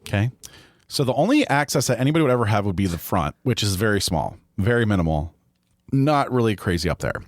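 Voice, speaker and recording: A man with a low voice chats casually on a podcast, wry and laid-back as he tells his stories. The recording is dry and close to the mic. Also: very animated, fast, no room sound. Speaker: podcast co-host. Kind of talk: casual chat.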